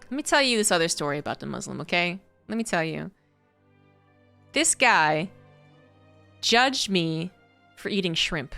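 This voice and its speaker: Woman streamer-caster, crisp and smooth voice, animated and profane in casual chat. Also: lowish voice, unhurried, long pauses, faint music behind. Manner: animated, rising to incredulous outbursts when quoting herself; chatty, profane, laughs through the tale. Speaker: esports caster. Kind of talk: casual storytelling while casting.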